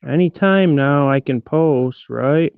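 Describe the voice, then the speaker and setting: A man's voice: on the high side, slow pace, gravelly, clean tone, dry recording. A man from Detroit hosting a live stream, joking and rambling as he teases his viewers. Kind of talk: casual live-stream chat. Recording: tinny phone-like sound, dry.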